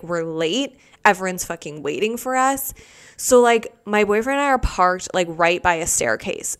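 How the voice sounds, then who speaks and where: A woman's voice: lowish voice, fairly bright tone. A young woman hosting a podcast, telling a personal story in a casual, rambling way, full of fillers and restarts. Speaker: podcast host.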